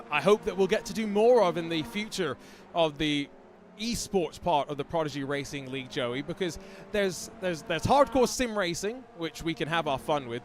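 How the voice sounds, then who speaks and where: A man doing play-by-play commentary on an esports race, with excited calls and playful banter. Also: high-pitched, slight background noise.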